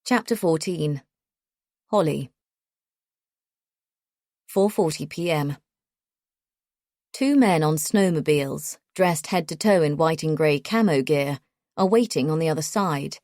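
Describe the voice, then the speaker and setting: A woman narrating a first-person thriller audiobook in a measured, tense way. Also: low-pitched, darkish tone, no echo, studio quality.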